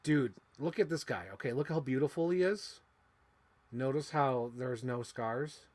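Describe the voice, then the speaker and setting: A young man vlogging to camera, chatting excitedly about his childhood toys, swinging from loud squeals to quiet mumbles and swearing casually. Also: medium pitch, a little slow. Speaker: toy unboxing vlogger.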